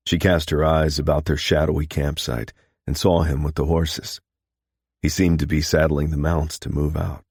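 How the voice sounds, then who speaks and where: Deep, husky male audiobook narrator. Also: a little mellow, no echo, clean studio sound.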